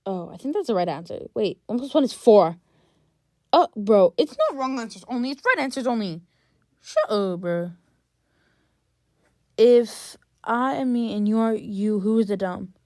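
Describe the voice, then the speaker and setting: A woman's voice: fairly high pitch, expressive, normal speed, pauses often, a little mellow, dry recording, clean studio sound. A young woman giving casual gameplay commentary, chatty and exasperated, talking straight to her viewers. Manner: chatty, exasperated, talks to chat. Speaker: gaming vlogger.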